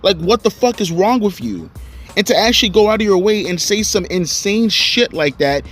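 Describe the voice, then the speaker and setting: A man's voice: high voice, moderate pace, fairly bright tone, soft background music. A young man ranting angrily and profanely about online commentators, recorded outdoors on his cell phone. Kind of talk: angry rant vlog.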